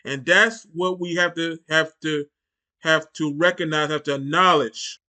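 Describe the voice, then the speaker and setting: A man's voice: fairly high pitch, fairly even intonation, a little slow, pushed and bright. A man hosting a reaction channel, giving heated, mocking commentary with lots of repetition.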